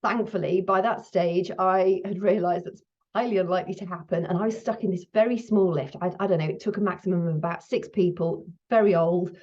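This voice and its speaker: A middle-aged woman hosting her own menopause video, talking candidly to camera while still shaken, her breathing high. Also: fairly even intonation, a little fast, darkish tone. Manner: chatty, candid, laughs now and then. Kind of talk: casual talk to camera. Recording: slightly dull lo-fi sound.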